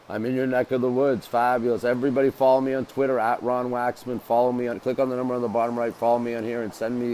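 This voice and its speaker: A man's voice: mid-range voice, mellow, slight background noise, rough recording. A man from Montreal, casually chatting on a phone livestream from a hotel balcony, greeting viewers by name and repeating himself. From Montreal, Canada. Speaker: livestream host. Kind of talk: casual live-stream chat greeting viewers. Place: hotel balcony by the beach, outdoors.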